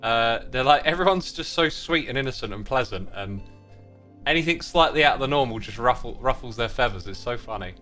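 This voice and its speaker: A man with a bright, clear voice chats casually while he plays a game on a live stream. He reads viewer messages aloud and thanks supporters between thoughts. Soft music runs quietly behind him. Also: mid-range voice, lively intonation, a little fast. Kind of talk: casual livestream chat while playing.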